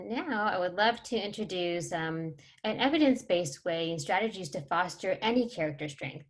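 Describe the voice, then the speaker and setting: Woman, parenting workshop presenter, chatty, lots of ums and likes, easy laughs, conversational. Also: on the low side. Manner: chatty, many fillers, laughs and acts out scenes.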